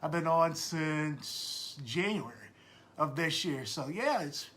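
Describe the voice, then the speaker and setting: A podcast host chats loosely and warmly with his live listeners, greeting them by name as they join. His voice is high, bright, forward, and expressive, and he speaks at a slow pace.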